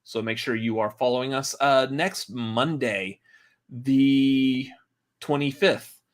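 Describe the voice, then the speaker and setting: A man's voice: mid-range voice, slow. A man hosting a movie podcast in casual, rambling chat, laughing often. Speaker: podcast host.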